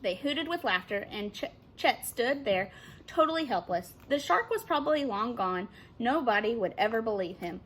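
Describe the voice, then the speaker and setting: A woman teacher reading a children's novel aloud with expressive narration. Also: on the high side, moderate pace, a little hiss or hum.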